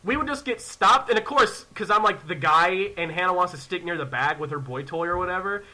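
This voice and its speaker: Young male podcast host: high, sharp voice, profane and animated, acts out the people in his stories. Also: brisk, a little hiss or hum. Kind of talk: casual storytelling chat.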